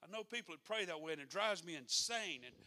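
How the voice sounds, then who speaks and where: Male preacher, sermon, folksy and conversational, bright forceful tone. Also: sits high, lively intonation, quick pace. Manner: folksy and conversational, rising to fervent exhortation.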